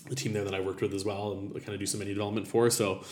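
Fast-talking chef, flat low voice. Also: male voice, echoey room, slight background noise. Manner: rambling, lots of "like" and "uh" fillers. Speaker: chef and restaurateur. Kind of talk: casual interview answers.

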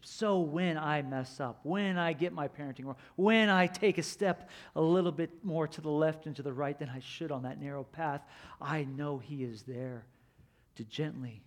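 A man preaching a sermon, earnest and conversational, swinging between loud, urgent passages and soft, slow reflective ones. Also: medium pitch. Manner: earnest storytelling, rises to near-shouts retelling a film scene; drops to soft, slow delivery on reflective lines. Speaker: pastor.

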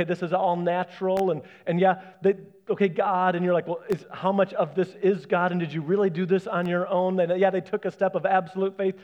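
A man preaching a sermon as pastor, animated, acting out the voices he quotes. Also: high-pitched, highs cut off.

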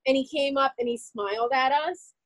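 A woman telling a painful personal story in an interview, animated and full of "like" fillers. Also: high-pitched, moderate pace, no room sound, rough recording. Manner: animated, heavy use of "like" fillers.

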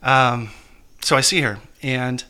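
A man being interviewed as an author, telling a painful personal story in a halting, emotional way with many restarts. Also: mid-range voice, pushed and bright, smooth. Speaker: guest author.

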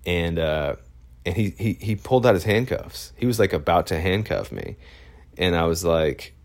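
A man's voice: sits low, expressive, moderate pace. A man, a photojournalist, telling a story in a casual, rambling way, full of fillers and restarts.

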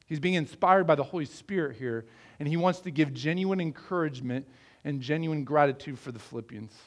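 A middle-aged Midwestern man delivers a sermon with a slightly higher pitch than most men. He talks in an earnest, conversational way and keeps putting rhetorical questions to his congregation. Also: brisk. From American Midwest. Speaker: pastor.

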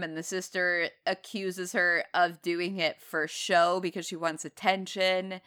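A woman's voice: lowish voice, smooth. A woman co-hosting a casual film review chat, retelling the plot sarcastically. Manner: sarcastic, animated retelling with laughs. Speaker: podcast co-host.

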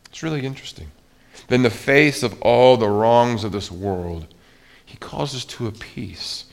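A man's voice: medium pitch, a little slow. A male pastor preaching a sermon in a conversational way, often restarting his sentences. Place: church.

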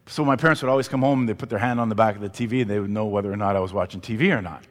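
A man preaching a sermon, an animated storyteller who asks the congregation questions. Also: lowish voice, rapid-fire, in a large hall. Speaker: pastor.

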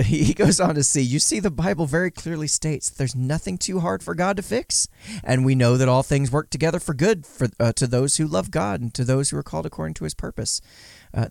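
A man's voice: medium pitch, creaky, darkish tone, no room sound, clean studio sound. A man giving casual commentary, sarcastic and mocking, sometimes voicing quotes in exaggerated tones. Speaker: podcast commentator.

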